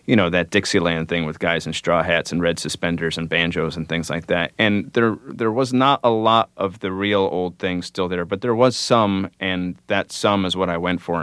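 Male musician guest, very deep and smooth, dry studio sound, unhurried and reflective. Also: a bit bright, no room sound. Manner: thoughtful, unhurried, with frequent fillers. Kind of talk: relaxed radio interview answers.

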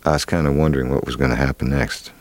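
A man's voice: extremely low pitch, fairly even intonation, fast, no room sound. A man, an actor, telling a long story in an interview, rambling with many fillers and restarts. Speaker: actor guest.

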